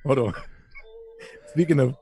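Husky-voiced podcast co-host. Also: male voice, mid-range voice, takes it slowly, mellow, soft background music. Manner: reactive, swears freely. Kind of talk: casual chat.

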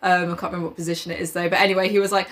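A woman's voice: fairly low pitch, little pitch movement, rapid-fire, a bit bright. A woman hosting a podcast, retelling a novel in casual chat, laughing and swearing as she goes. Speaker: podcast host.

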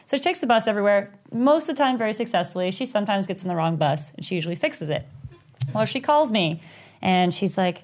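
A woman, co-hosting a podcast in casual chat, telling a story animatedly and acting out quoted voices with sudden high pitch jumps. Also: animated, fairly quick. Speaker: podcast co-host.

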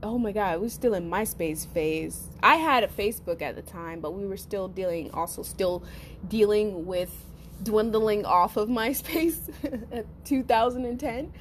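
A woman hosting a podcast, telling a personal story in a casual, profane, animated way and talking straight to her listeners. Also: mid-range voice, a little slow, a little hiss or hum. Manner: profane, animated, acts out quotes; addresses listeners as y'all. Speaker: podcast host.

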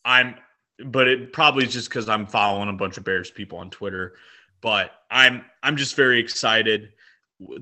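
A man co-hosting a sports podcast, his voice very bright and ringing. He talks keenly and rambles, with plenty of ums and restarts. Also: lowish voice. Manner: enthusiastic, rambling with fillers. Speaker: podcast co-host. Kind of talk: casual sports podcast chat.

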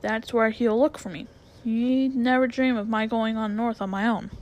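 A woman voicing a proud, bossy male talking war horse in a storybook read-aloud, brisk and commanding. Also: fairly high pitch, steady tone, a little mellow, dull audio, close to an everyday voice. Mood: scheming.

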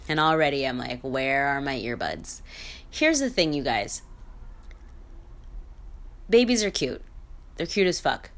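Low-voiced woman hosting a casual podcast. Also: big pitch swings, a little slow, pauses often. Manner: chatty, blunt, swears freely. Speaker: podcast host. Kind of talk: casual solo podcast storytelling.

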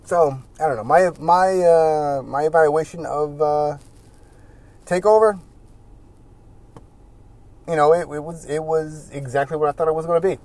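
A fairly high-voiced man rambles through a casual wrestling review, his pitch swinging up and down as he peppers it with "you know." The sound is dry and close, with no room echo. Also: a little slow, pauses often, darkish tone. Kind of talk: casual solo commentary.

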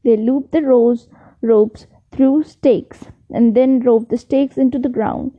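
A woman reading a children's storybook aloud, slow and careful. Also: on the high side, fairly even intonation, no echo. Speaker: audiobook reader. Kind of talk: storybook narration. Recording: dull dry lo-fi recording.

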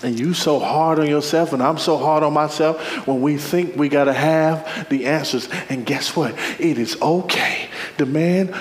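A man preaching a sermon with a playful, animated delivery, full of laughing asides and calls to the congregation. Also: fairly high pitch, a little slow, hardly any pauses. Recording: echoey hall.

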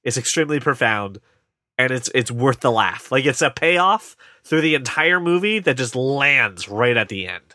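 A man co-hosting a casual movie podcast, rambling and animated, putting on voices to mock scenes. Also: mid-range voice, moderate pace, no echo, clean studio sound. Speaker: podcast co-host. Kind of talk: casual movie review chat.

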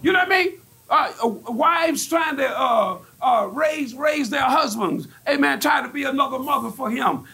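A man preaching a fiery sermon as pastor, emphatic and repetitive, rising to shouts as the congregation answers. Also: very high voice, animated, normal speed, creaky.

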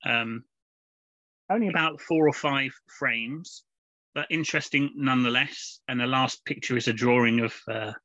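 In a pushed, bright voice of medium pitch, a male co-host chats casually about comics at a normal speed, rambling and restarting often with plenty of fillers. The dull, lo-fi podcast recording carries no room sound.

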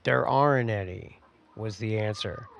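A man's voice: fairly low pitch, a little slow, creaky, lo-fi sound. A man hosting a podcast in casual chat at home, rowdy and joking, swearing and laughing a lot. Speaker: podcast host.

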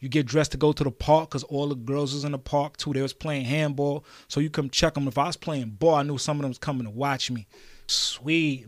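This Brooklyn-accented New Yorker in his thirties has a slightly high voice, captured in a dry, studio-quality recording. Hosting his podcast, he tells rambling, profane stories in street slang as a casual monologue.

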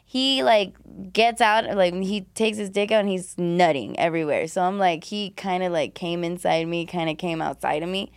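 A woman's voice: on the low side, moderate pace, hardly any pauses, smooth. A young adult woman, a podcast guest, telling her own story candidly in blunt, profane, casual speech full of "like". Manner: blunt and profane, heavy use of "like".

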